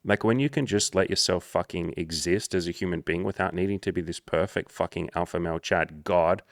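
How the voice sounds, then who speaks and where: A young adult man giving dating and social coaching in a casual monologue, blunt and animated, swearing often. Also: sits low, a little fast, creaky, no echo, studio quality.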